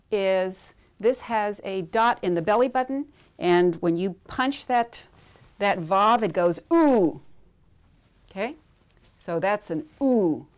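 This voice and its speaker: A woman leads a language lesson in a calm, deliberate teaching voice. She speaks slowly and patiently, drawing out each sound for her students to echo back. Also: medium pitch. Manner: patient, repeats sounds aloud for learners to echo. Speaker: Hebrew teacher. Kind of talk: slow classroom drill, teaching vowel sounds.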